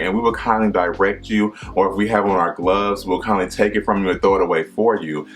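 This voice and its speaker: A man's voice: lowish voice, quick pace, few pauses, a bit bright, faint music behind. A man who works as a flight attendant, giving emphatic, repetitive advice in a casual vlog and sometimes mimicking passengers.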